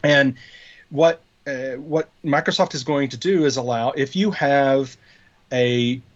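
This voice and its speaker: A man's voice: medium pitch, slow, lo-fi sound. A man co-hosting a podcast in casual tech chat, rambling and explaining with many fillers and restarts. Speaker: podcast co-host.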